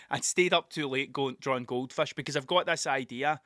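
A man's voice: mid-range voice, normal speed, sharp tone, no echo, clean studio sound. A man with a Scottish accent, rambling and swearing through a casual solo podcast monologue. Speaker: podcast host.

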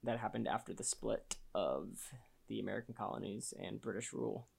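A man's voice: on the low side, a little fast, vocal fry, darkish tone, breathy edge. A young man co-hosting a casual chat, wry and teasing, who sometimes explains things at length. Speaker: podcast co-host.

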